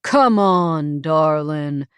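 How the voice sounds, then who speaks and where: A woman's voice: lowish voice, expressive, measured pace, dry recording. A woman voicing a smug, patronizing man with a Southern US accent, in an audiobook. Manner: crooning, ingratiating, louder.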